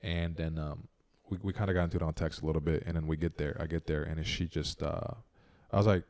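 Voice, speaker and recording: A man's voice: very deep voice, fast talker, hardly any pauses, a little mellow. A man hosting a comedy podcast, telling a rambling story with many restarts in a casual chat. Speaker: podcast host.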